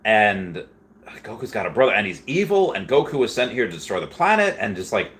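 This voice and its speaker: Rambling lower-voiced male streamer. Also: sing-song, a little fast, fairly bright tone. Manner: rambling, with frequent restarts and fillers. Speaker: livestream host answering chat. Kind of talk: casual livestream chat.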